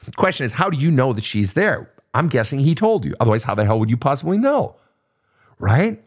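A man's voice: medium pitch, big pitch swings, a little fast, breathy edge. A man from Minnesota hosting an advice podcast, answering listener questions in a blunt, profane, casual way.

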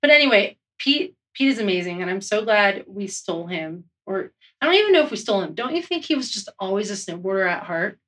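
A woman's voice: medium pitch, very animated, a little fast, hardly any pauses, a bit bright. A woman gushes about her boss with plenty of enthusiasm. Her voice sits in a middle register. It sounds somewhat distant from the microphone. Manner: gushing, enthusiastic. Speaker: colleague. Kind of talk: casual tribute.

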